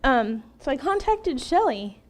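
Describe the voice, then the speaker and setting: A middle-aged woman in an interview, telling her personal testimony in an emotional, animated way, laughing often and acting out what she once said. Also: high voice, a little slow. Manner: animated, laughs often, acts out her own past words.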